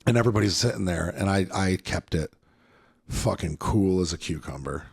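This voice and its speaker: A middle-aged man hosting a podcast, telling candid stories in a profane, animated way. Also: deep voice, normal speed, gravelly, slightly rough. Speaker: podcast host. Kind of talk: casual conversation, storytelling.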